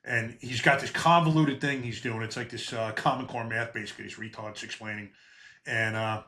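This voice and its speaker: A man's voice: mid-range voice, fairly even intonation, brisk, bright, forceful tone. A man hosting a podcast, a retired police officer, telling stories bluntly with some profanity. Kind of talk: conversational interview.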